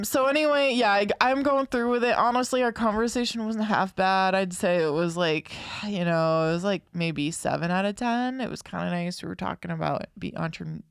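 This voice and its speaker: A young woman with a low, gravelly voice co-hosts a casual podcast, rambling through her stories with plenty of fillers and restarts. She laughs often, and the recording is close and dry. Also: no echo. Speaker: podcast co-host. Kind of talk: casual chat, storytelling.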